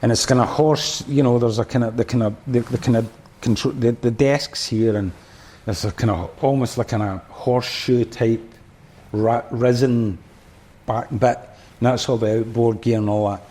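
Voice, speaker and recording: A man's voice: medium pitch, fairly even intonation, moderate pace, mellow. A man with a Scottish accent, a podcast guest and former drummer, telling a rambling story full of restarts and fillers. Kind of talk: casual storytelling.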